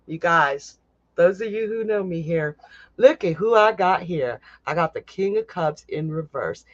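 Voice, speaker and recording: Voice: mid-range voice, lively intonation, unhurried, no room sound, muffled recording. A psychic host giving a casual live tarot reading, chatty and blunt, swearing freely.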